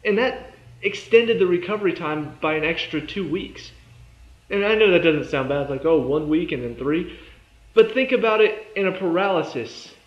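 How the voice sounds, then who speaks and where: A man's voice: high-pitched, moderate pace. A young man giving a casual, exasperated review of a TV episode, sarcastic and fond of mimicking the characters. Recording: echoey room, dull lo-fi sound.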